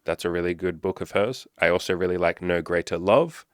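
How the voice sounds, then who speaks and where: A man speaks straight to camera in a loose, profane, animated way. His voice sits on the low side and the sound is dry and close, with no room around it. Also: a little fast, dry recording. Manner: profane, animated, acts out panicky inner voices. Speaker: self-improvement coach. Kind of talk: casual monologue to camera.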